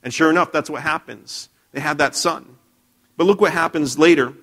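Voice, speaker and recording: A man's voice: fairly high pitch, normal speed, a bit bright. A man preaching a sermon in a church, telling a Bible story conversationally with frequent restarts and questions to the congregation. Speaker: pastor.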